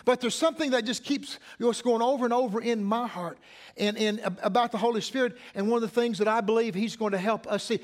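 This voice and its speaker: A man's voice: very high-pitched, quick pace. A middle-aged man preaching a sermon as pastor, conversational, repeating phrases and asking the congregation questions.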